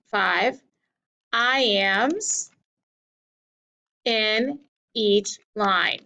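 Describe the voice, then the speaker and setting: Woman teacher, slightly high voice with a gravelly edge, unhurried lesson delivery. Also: fairly bright tone, low-quality recording. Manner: slow, deliberate, stretches key words. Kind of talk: classroom lesson at a whiteboard.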